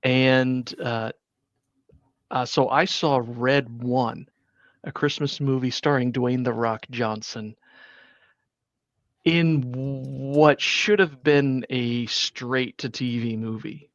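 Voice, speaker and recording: A man's voice: mid-range voice, steady tone, slow pace, a bit bright, dry recording, muffled recording. A man hosting a podcast, chatting casually about a movie and rambling with many fillers and restarts. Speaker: podcast host. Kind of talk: casual movie review chat.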